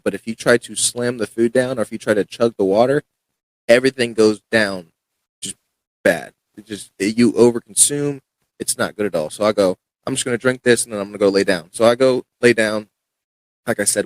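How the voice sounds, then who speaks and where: A young man tells a long personal story in a loose, casual way, stumbling over restarts and acting out what others said. His voice sits fairly low. The sound is dry and close, with no room around it. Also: no room sound, low-quality recording. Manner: rambling, frequent restarts and fillers, acts out quoted dialogue. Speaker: podcast guest, MMA fighter.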